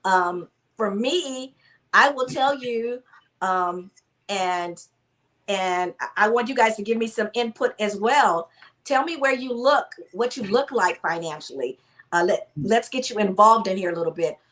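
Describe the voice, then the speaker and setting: A woman's voice: medium pitch, measured pace, a bit bright. A woman hosting a live online talk, upbeat and inviting, speaking straight to her audience. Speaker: host.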